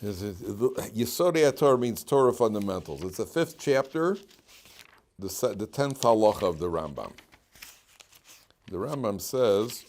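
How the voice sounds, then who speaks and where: Animated rabbi teaching a class. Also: male voice, lowish voice, a little fast. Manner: animated storytelling, rhetorical questions, Hebrew terms translated. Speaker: rabbi teaching yeshiva students. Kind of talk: informal Torah class.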